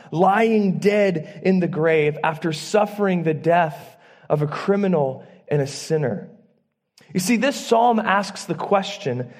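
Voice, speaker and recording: A man preaching a sermon in church, earnest and emphatic, using dramatic pauses. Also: high-pitched. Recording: long church reverb.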